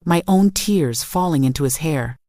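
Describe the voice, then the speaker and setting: A woman with a low voice narrates a first-person family story in steady, reflective scripted narration. The recording is dry and close, with no room sound. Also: normal speed, no room sound.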